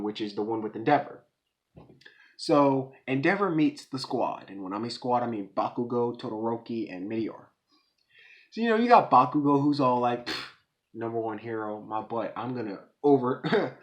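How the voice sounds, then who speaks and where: A man giving a casual, excited episode review, talking in slang and acting out characters in quick voices. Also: medium pitch.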